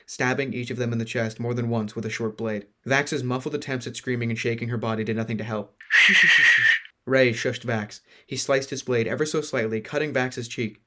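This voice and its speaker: Man narrating a novel aloud. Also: mid-range voice. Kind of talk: audiobook reading of a fantasy novel.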